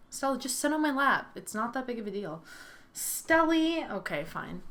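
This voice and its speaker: A young woman giving expressive, chatty let's-play commentary, often exclaiming. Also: on the high side, measured pace. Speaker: game streamer.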